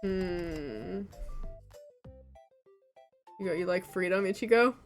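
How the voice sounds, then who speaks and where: A woman's voice: fairly low pitch, slow, faint music behind. A young woman streaming a game, chatting casually with her chat and laughing often. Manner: chatty, giggly, talking to chat.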